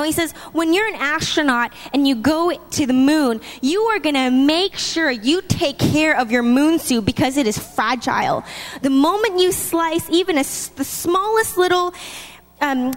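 Woman, high voice, lively chatty sermon, long hall reverb. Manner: lively, chatty, laughs between points. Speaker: preacher.

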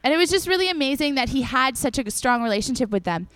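A woman's voice: sits high, quick pace, smooth, dry recording. A young woman giving a casual, chatty sermon to a congregation, acting out the people in the stories as she tells them. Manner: chatty and animated, acts out the people in the story. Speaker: preacher.

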